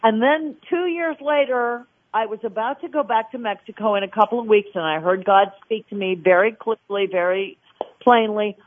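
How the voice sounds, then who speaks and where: A woman's voice: fairly high pitch, moderate pace. A woman tells a personal faith story as a guest on a radio show, her delivery full of feeling as she acts out the voices she quotes. She comes through a narrow, tinny phone line. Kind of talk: personal testimony in a radio interview.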